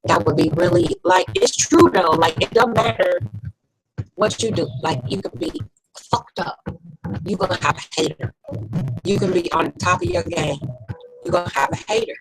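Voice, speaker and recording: Blunt, animated woman with a gravelly edge. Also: lowish voice, moderate pace, pauses often, soft background music, rough recording. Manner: blunt, profane, animated storytelling. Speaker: host. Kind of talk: casual late-night chat.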